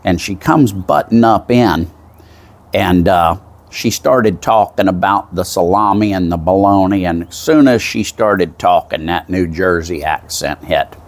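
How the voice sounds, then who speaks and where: A man with a relaxed Southern accent tells a story in a casual, folksy monologue, drifting off into asides along the way. His voice sits very low. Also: a little slow. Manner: folksy, meandering, with frequent asides. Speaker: vlogger.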